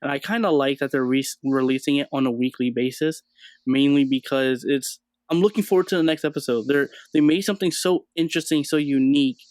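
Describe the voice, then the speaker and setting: A man's voice: mid-range voice, brisk, a little mellow, no room sound. A man hosting a casual chat about a streaming show, talking in an easygoing way and thinking aloud with plenty of fillers. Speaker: channel host. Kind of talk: casual pop-culture chat.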